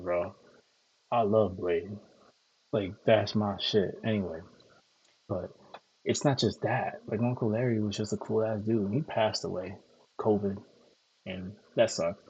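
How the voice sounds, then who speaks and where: Husky low-voiced man from Connecticut, rambling. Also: fairly even intonation, unhurried, long pauses, darkish tone, highs cut off. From Connecticut, USA. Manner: loose, profane, repetitive storytelling with many fillers. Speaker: streamer host. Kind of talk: casual rambling monologue.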